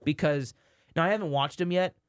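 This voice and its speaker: A man's voice: a little high, a little fast, clean tone, no echo, studio quality. A man, co-hosting a sports podcast in casual chat, rambling and correcting himself, sometimes exasperated.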